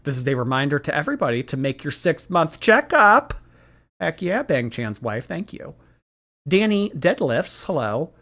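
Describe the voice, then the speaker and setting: A man hosting a livestream, reading viewer messages aloud and gossiping in a chatty, animated way with lots of fillers. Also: on the high side, moderate pace. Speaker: livestream commentary host.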